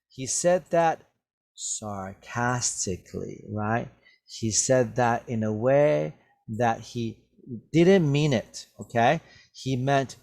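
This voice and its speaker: A man teaching an English vocabulary lesson at a very slow, unhurried pace. His voice sits at an ordinary middle pitch, and he keeps stopping to ask "right?" and "okay?" so that each point lands before he moves on. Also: expressive, darkish tone. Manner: slow, patient, checks understanding with "right?" and "okay?".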